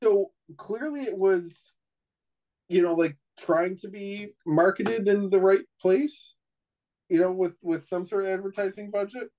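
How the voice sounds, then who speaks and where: A man's voice: sits high, unhurried, darkish tone, rough recording. A middle-aged man on a casual chat show, rambling through an anecdote with many restarts. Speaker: co-host.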